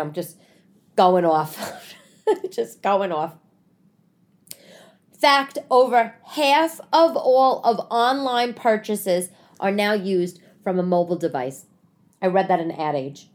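A woman hosting a podcast from her living room, a comedian telling stories in a rambling, animated monologue, restarting and swearing often. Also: fairly low pitch. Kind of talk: casual comic monologue.

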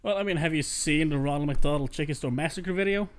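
A man in casual podcast chat who jokes and swears in an animated way. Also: fairly high pitch, slight background noise. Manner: animated, quick to joke and swear.

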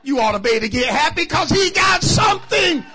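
High, bright-voiced preacher, shouting at times. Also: male voice, brisk, soft background music, a faint crowd. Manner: builds from calm teaching to shouted preaching. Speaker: pastor. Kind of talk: sermon. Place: church sanctuary.

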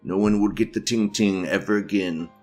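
A man's voice: fairly low pitch, steady tone, normal speed, darkish tone, soft background music. A man hosting a podcast, giving crude, profane, offhand commentary and often laughing as he reacts to videos. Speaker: podcast host.

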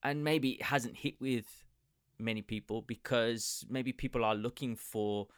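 Man calmly defending a show. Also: mid-range voice, clean tone, no echo, studio quality. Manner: measured, hedging, many "you know"s. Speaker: podcast co-host. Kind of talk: casual round-table discussion.

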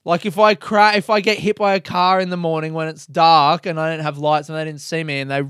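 Young man, solo podcast host, casual rambling story, swears a lot, pokes fun at himself, smooth clear voice, dry close sound. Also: a little high, steady tone, fairly quick, a bit bright, no echo. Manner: rambling, swears freely, self-mocking.

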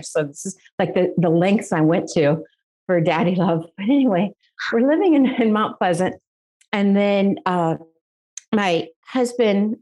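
A woman's voice: lowish voice, darkish tone. A middle-aged woman from the United States, a guest giving an emotional personal faith testimony, earnest and laughing at times.

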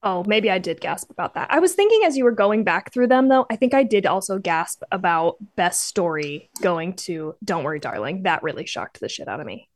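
Female podcast co-host, lower pitch, candid and profane, dry recording. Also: very animated, a little fast, hardly any pauses, no echo. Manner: candid, swears freely. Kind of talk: casual podcast chat.

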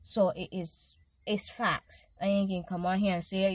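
A woman's voice: mid-range voice, fairly even intonation, a little slow, no room sound, dull audio. Young woman, hosting a christian podcast, earnest and emotional, leads prayers, mid voice, dead dry sound. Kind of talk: devotional podcast talk with prayer.

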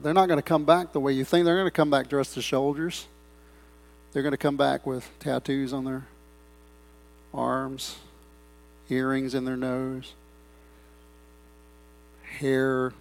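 A middle-aged man preaching a sermon in a church, breaking into loud swells and rambling asides. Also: mid-range voice, steady tone, a little slow, gravelly, long pauses. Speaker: pastor. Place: church sanctuary.

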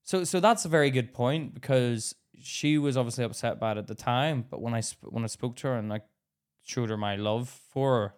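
A man co-hosting a podcast, telling an animated story in casual chat, acting out what people said and laughing often. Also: mid-range voice, a little fast. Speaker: podcast co-host.

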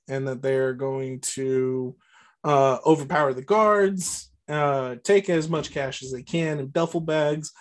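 Guy on a podcast going over a movie plot, kinda high voice, lots of ums and restarts. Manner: rambling, many fillers and restarts. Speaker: podcast co-host. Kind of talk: casual movie recap chat.

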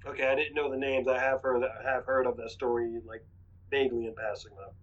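Man, from North Carolina, casual chat, rambling, hesitant, fast, dull lo-fi sound. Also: medium pitch, little pitch movement.

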